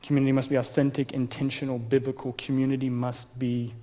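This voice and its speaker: A man's voice: medium pitch, little pitch movement, fast, mellow. A man preaching a sermon as pastor at a live church service, casual and joking as he tells personal stories. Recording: long reverb of a large church hall.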